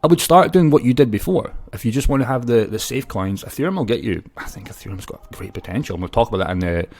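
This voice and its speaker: A man's voice: mid-range voice, fast talker. A man speaking casually in a video, brash and swearing as he tells stories and gives opinions. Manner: brash, swearing, lively storytelling. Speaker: crypto YouTuber. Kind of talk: casual talking-head video.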